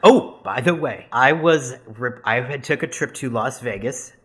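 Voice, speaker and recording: A man's voice: medium pitch, measured pace, fairly bright tone. Rambling casual podcast host guy. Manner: rambling, filler-heavy, laughing. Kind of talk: casual chat.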